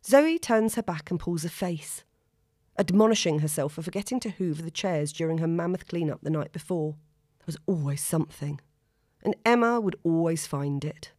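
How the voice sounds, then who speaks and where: A woman narrating a story in a steady, expressive reading. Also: low voice, a little fast, dry recording, clean studio sound. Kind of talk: audiobook narration.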